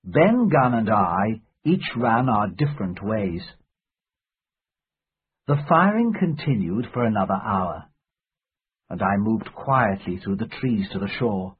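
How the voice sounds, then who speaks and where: Slow husky man reading a story. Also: fairly low pitch, very animated. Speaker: narrator. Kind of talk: scripted storybook narration. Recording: tinny phone-like recording.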